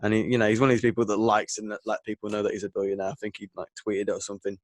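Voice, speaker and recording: A man's voice: lowish voice, flat delivery, very fast, no echo. A young man, co-hosting a casual podcast chat, rambling and hesitant with lots of fillers. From England. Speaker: podcast co-host.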